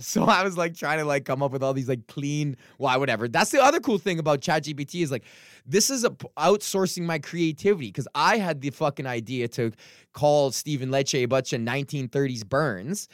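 A man's voice: medium pitch, animated, a little fast, no echo, studio quality. A man hosting his podcast, ranting casually and swearing a lot, rambling with fillers and restarts, with a lingering cough. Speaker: podcast host, stand-up comic.

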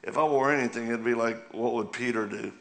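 Gravelly-voiced joking male preacher. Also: medium pitch, a little fast. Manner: joking, asks the crowd questions, laughs often. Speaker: guest preacher. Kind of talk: humorous sermon with stories. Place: church sanctuary.

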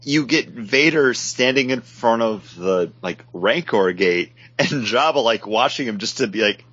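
A man's voice: mid-range voice, expressive, measured pace, fairly bright tone, dry recording. A man co-hosting a podcast, talking casually and animatedly about comic books, sometimes acting out short quotes. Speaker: podcast co-host. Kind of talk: casual comic book discussion. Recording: dull lo-fi podcast audio.

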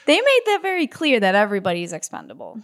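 A woman's voice: mid-range voice, wildly swooping pitch, fast. A woman playing a tabletop game who chats casually and laughs easily. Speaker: player.

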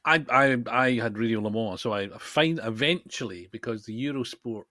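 A middle-aged man co-hosting a casual podcast chat, telling stories with animated enthusiasm and frequent laughter. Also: mid-range voice, moderate pace, no echo. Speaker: podcast co-host.

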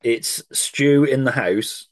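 A man's voice: medium pitch, takes it slowly, dry recording. A man hosting a casual podcast chat about a horror film, eager and sweary, acting out lines from it. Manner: enthusiastic, swears, acts out quotes. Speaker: podcast host.

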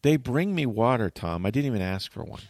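A man hosting a talk show, telling a long story in animated, chatty fashion and acting out what people said. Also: mid-range voice, brisk, dry recording, studio quality. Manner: tells long stories, acts out quotes.

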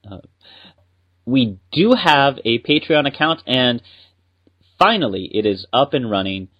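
A man's voice: mid-range voice, animated, unhurried, breathy edge. Guy co-hosting a chatty podcast, upbeat, kinda muffled lo-fi audio. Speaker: podcast co-host. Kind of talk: casual podcast chat.

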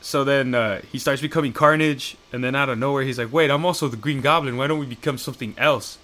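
Bright-voiced man retelling comic plots. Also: medium pitch, fast talker. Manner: profane, rambling, acts out characters' lines.

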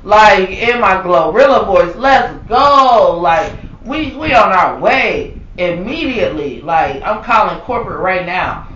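A man co-hosting a podcast in casual chat, profane and animated, ranting with lots of swearing. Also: high voice, unhurried, few pauses, recorded from a distance. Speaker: podcast co-host. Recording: echoey, dull, from off-mic with faint background noise.

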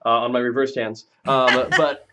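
A man's voice: mid-range voice, steady tone, moderate pace, background noise. A man playing a tabletop game, describing his character's actions hesitantly. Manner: hesitant, lots of "uh"s. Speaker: player.

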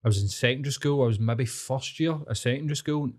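A man's voice: medium pitch, fast. Sweary Glasgow man ranting on a podcast. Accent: Scottish, Glasgow. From Scotland. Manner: animated, swears constantly, rants. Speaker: podcast co-host. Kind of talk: casual sweary podcast chat.

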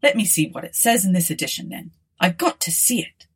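A woman voicing a flustered, indignant young man in an audiobook, with excitable high-pitched outbursts. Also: fairly quick, slightly rough. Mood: urgent. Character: flustered, indignant young Englishman, easily panicked.

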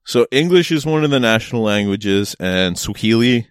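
A man's voice: lowish voice, lively intonation, normal speed, smooth, no echo, studio quality. A young man, chatting casually as a podcast co-host and telling stories with lots of restarts and laughs. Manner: rambling, frequent restarts and laughter. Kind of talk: casual chat.

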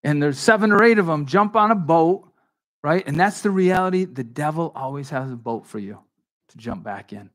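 A man's voice: fairly high pitch, expressive, moderate pace, fairly bright tone. A man preaching a sermon as pastor, talking in a conversational but emphatic way, with restarts and asides to his congregation. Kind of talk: expository sermon.

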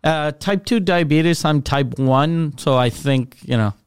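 A man co-hosting a podcast, chatting in an easygoing, halting way with fillers. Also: a little high, clean tone, dry recording, studio quality. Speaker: podcast co-host. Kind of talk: casual chat.

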